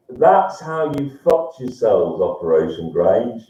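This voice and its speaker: A man hosting a live stream, rambling as he reads viewers' messages and breaking into loud, sweary rants. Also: on the low side, slow. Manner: swings into loud swearing rants, laughs a lot. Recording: roomy, distant, dull lo-fi sound.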